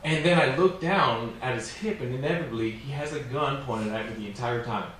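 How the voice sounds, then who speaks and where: A man's voice: mid-range voice, a little fast, a bit bright. Rambling self-mocking man doing stand-up in an echoey room. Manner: rambling, self-mocking, lots of "like" and "you know". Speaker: stand-up comedian. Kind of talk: stand-up storytelling. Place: small comedy venue with an audience. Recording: very echoey room, distant mic, faint noise.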